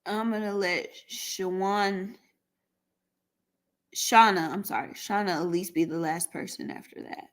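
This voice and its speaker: A woman's voice: medium pitch, fairly even intonation, unhurried. A woman hosting a casual live stream, chatty and laughing often, talking aside to her dog.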